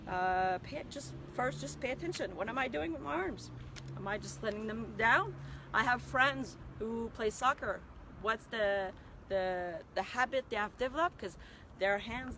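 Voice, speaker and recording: A woman's voice: on the high side, fairly bright tone, a little hiss or hum. A woman running coach giving a casual, chatty lesson on arm form, encouraging and full of restarts and asides. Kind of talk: casual instructional talk.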